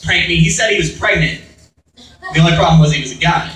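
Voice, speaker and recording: Fast, bright-voiced stand-up man. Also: on the high side, recorded from a distance. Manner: chatty, checks in with the crowd. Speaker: comedian and actor. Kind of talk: stand-up set. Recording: echoey venue, mic from afar.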